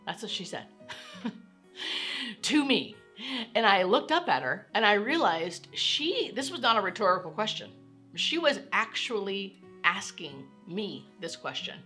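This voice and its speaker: A woman's voice: medium pitch, very animated, unhurried, sharp tone, faint music behind. A woman who works as a hospice nurse, telling a story from her work in a candid, casual way and laughing often. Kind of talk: casual educational talk to camera.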